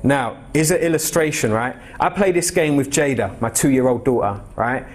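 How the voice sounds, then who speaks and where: A man's voice: medium pitch, normal speed. A young man preaching an expository sermon in a church, talking to the congregation in a conversational, direct way and putting questions to them. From England. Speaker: pastor.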